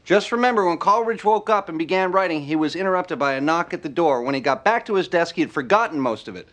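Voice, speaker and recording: An actor playing a wry, exasperated head writer of a sketch show. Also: male voice, on the high side, lively intonation, quick pace, fairly bright tone. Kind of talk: TV drama dialogue.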